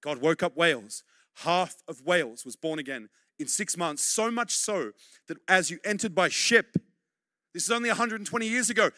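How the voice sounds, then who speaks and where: A middle-aged man preaching a sermon, urging and repeating points for emphasis, then dropping to quiet, close tones. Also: high voice, expressive, moderate pace, no echo.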